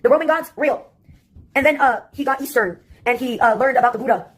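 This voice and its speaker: A woman's voice: sits high, brisk, breathy edge. A woman delivering a rambling, sarcastic comic monologue that jumps from topic to topic.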